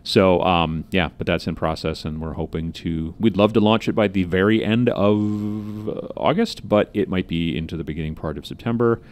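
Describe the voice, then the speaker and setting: Male podcast co-host, deep register, loose rambling chat with fillers. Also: fairly even intonation, normal speed, few pauses. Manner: rambling, lots of fillers and restarts. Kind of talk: casual chat. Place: office.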